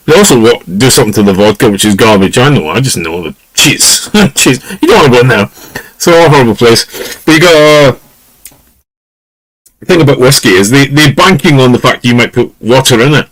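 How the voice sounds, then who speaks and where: Fairly quick and lively in intonation, a Scottish podcast host tells casual stories at home, rambling, chuckling, and filling gaps with fillers. His voice is mid-range and a bit bright, captured dry and in low quality on a lesser mic.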